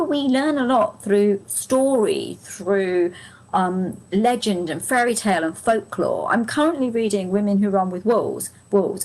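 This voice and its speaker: A woman's voice: medium pitch, a little mellow, low-quality recording. A woman giving a live angel card reading to viewers. She is chatty and gushing, laughs often, talks to viewers by name, and her voice is strained and fading.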